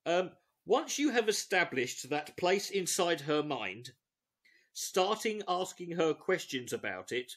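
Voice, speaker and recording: Bright, animated, giggly male comedy host. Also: fairly high pitch. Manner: giggly, sarcastic, swearing. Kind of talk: mocking read-through of a dating guide.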